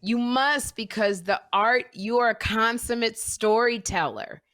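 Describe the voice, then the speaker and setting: A woman co-hosting a podcast in casual chat, giving effusive praise and slowing down for emphasis. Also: a little high, a bit bright, dry recording, clean studio sound. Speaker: podcast co-host.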